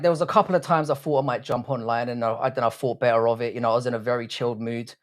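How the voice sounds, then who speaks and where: A man, hosting a livestream from a room at home, casually chatting and bantering with his viewers, swearing freely. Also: medium pitch. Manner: laid-back, swears freely, banters with chat. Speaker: livestream host.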